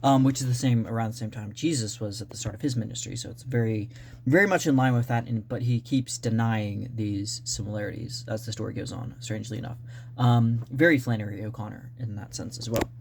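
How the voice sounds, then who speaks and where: A man talking unscripted about his novel drafts in a rambling, halting way with many restarts. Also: fairly low pitch, a little mellow, slight background noise. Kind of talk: unscripted casual vlog talk.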